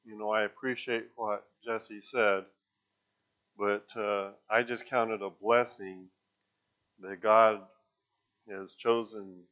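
Slow, earnest man preaching. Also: on the low side, fairly bright tone. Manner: earnest, halting with fillers. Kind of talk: sermon. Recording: dull lo-fi sermon recording.

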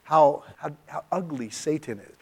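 A middle-aged man from California preaching in a church, telling a personal story in an emotional, confessional way, often dropping to a near-hush. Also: on the high side, normal speed, creaky, slightly rough. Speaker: pastor. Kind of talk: sermon storytelling.

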